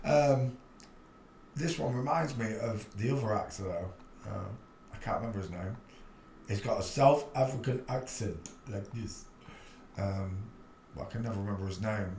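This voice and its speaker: A man's voice: medium pitch, a little hiss or hum. Chatty man, roomy echo. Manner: chatty, rambling, blunt, laughs at his own jokes. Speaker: livestream host. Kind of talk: casual livestream commentary.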